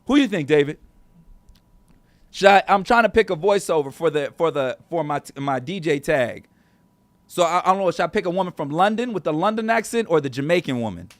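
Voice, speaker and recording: High-voiced man hosting a casual stream. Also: animated, brisk, no room sound. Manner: rambling, talks straight to chat viewers. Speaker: show host. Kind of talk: casual livestream chat. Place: small studio.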